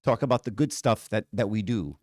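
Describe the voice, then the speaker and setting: A man's voice: on the low side, brisk, darkish tone, no room sound, studio quality. A man giving a conversational talk at church, frank and casual, often checking in with "right?" and "okay?". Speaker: church speaker.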